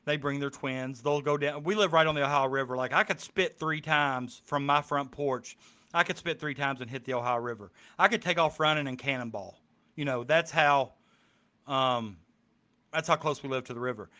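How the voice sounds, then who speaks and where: Bright, chatty man. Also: medium pitch, brisk. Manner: rambling, chatty, lots of ums. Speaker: podcast co-host. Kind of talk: casual chat on a stream. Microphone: streaming mic.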